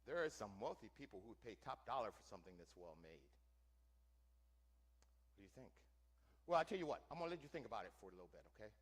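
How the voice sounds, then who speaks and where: Lively theatrical male reenactor. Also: fairly low pitch, fast, pauses often, breathy edge. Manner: theatrical, quizzing the audience with questions. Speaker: living-history reenactor playing a wagon teamster. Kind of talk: first-person historical interpretation to a live audience. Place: church hall, before an audience.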